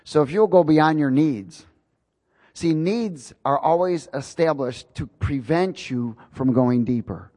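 A man's voice: a little high, animated, takes it slowly, warm tone, long reverb tail. A man preaching a sermon, telling a personal story in a folksy, chuckling way.

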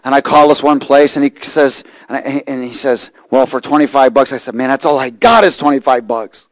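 A man preaching a sermon, reading scripture and telling a lively personal story. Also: mid-range voice, fairly quick, no room sound, low-quality recording. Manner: animated storytelling, rising to shouts and laughter.

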